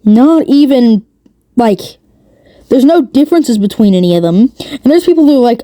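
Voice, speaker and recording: A woman's voice: a little high, lively intonation, a little fast, mellow. A woman giving a rambling, sarcastic commentary rant as a video creator. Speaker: commentary youtuber. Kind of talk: ranting commentary.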